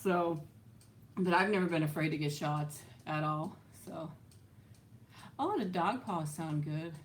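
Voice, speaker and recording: Chatty woman streaming live, lower voice. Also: a little slow, a little hiss or hum. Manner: chatty, laughs often, trails off with "so". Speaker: livestream host. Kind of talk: casual live chat reading viewer comments.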